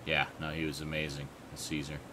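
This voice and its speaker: A man's voice: extremely low pitch, monotone, fairly quick, sharp tone, slight background noise. A man chatting on a casual livestream, thoughtful and enthusiastic as he weighs different versions of films. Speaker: viewer and co-host.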